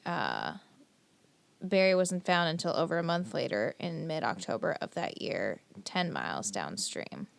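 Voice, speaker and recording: A woman's voice: low voice, huge pitch swings, unhurried, vocal fry. A young woman co-hosting a podcast, retelling a story in casual chat with lots of fillers and swearing. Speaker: podcast co-host.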